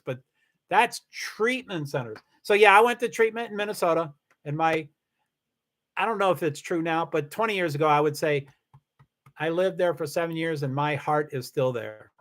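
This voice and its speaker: A middle-aged man hosting a casual livestream, talking in a rambling, halting way with many restarts and fillers, candid and confessional about his life. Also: fairly high pitch, a bit bright. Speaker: livestream host. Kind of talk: casual personal livestream talk.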